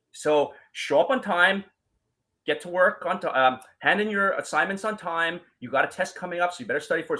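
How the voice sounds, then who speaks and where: A man telling his story as a guest in a casual talk, animated, acting out quoted voices and using many fillers. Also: on the high side, rough recording.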